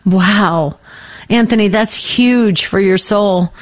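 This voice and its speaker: A woman's voice: mid-range voice, slow. Female call-in host with a mid-range voice who cheers callers on. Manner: affirming, encouraging. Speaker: radio show host. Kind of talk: call-in radio talk.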